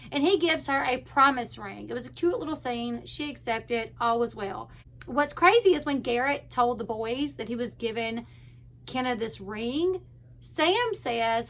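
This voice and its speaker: Woman, high bright voice, casual chatty recapper, loose storytelling flow. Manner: chatty, retells scenes with quoted lines in a quick loose flow. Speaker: reality show recap commentator.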